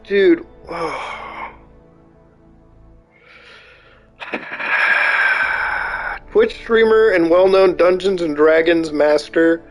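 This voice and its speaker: A man streaming live, reading posts aloud and reacting with disbelief and swearing. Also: a little high. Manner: incredulous, swearing, reacting out loud.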